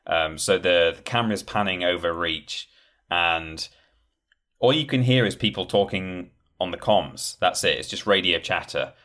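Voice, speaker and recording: A man's voice: low voice, unhurried, fairly bright tone. A man in casual podcast chat, rambling with many fillers and acting out quoted lines. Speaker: podcast guest discussing game trailers.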